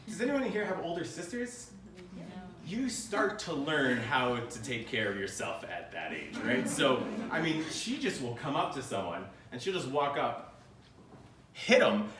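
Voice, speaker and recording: A man's voice: mid-range voice, a bit bright. An American man in his thirties giving a humorous live keynote talk, telling stories with jokes and playful asides. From United States. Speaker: keynote speaker. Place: conference room. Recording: roomy and distant with faint noise.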